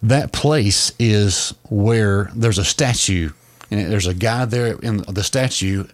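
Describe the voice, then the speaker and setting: Male podcast co-host, low voice, a casual storytelling explainer who often restarts his sentences. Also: takes it slowly.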